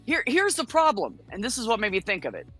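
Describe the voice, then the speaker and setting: A woman from the United States tells her story in a blunt, swear-filled and lively way. Her voice is bright and forceful. Faint music plays behind her. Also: fairly high pitch, fast talker, slightly rough. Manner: blunt, profane, animated storytelling. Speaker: guest. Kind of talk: casual storytelling on a chat show.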